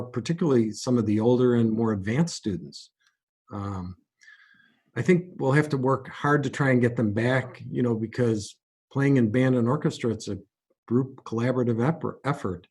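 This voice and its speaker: A man answering interview questions as a guest, in a measured, earnest way with some stumbles. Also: medium pitch, a little mellow, slightly rough. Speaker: guest, music company president.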